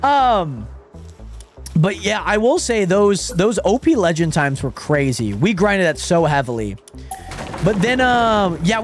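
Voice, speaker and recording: Animated young man streaming a game. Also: sits high. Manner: animated, swings between excited greetings and exasperated muttering. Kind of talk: casual live-stream chat while gaming.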